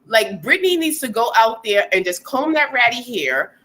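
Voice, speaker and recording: A woman co-hosting a casual gossip chat, blunt and animated, often acting out quotes. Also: moderate pace. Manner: animated, blunt, acts out quotes in high voices. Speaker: co-host.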